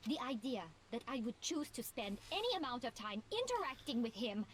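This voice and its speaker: A woman's voice: on the high side, big pitch swings, brisk, a little hiss or hum. An actress voicing a haughty, poised teenage gothic gambler girl in a dubbed game, sweetly polite yet prone to crude rage.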